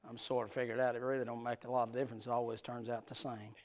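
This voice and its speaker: A man preaching a sermon, telling stories, swinging from loud hollering to soft, tender passages in a folksy Southern preaching cadence. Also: mid-range voice, level tone, racing. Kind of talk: sermon with storytelling.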